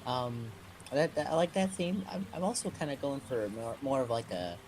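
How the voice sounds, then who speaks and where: Low-voiced woman, tabletop player. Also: lively intonation, moderate pace, background noise. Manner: hesitant, self-correcting. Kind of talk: casual tabletop role-play.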